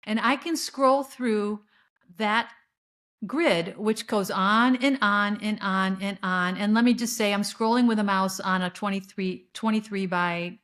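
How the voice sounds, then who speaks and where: A middle-aged woman hosting a spiritual podcast, talking in an earnest, rambling way with fillers and restarts. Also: mid-range voice. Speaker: podcast host. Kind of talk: spiritual monologue.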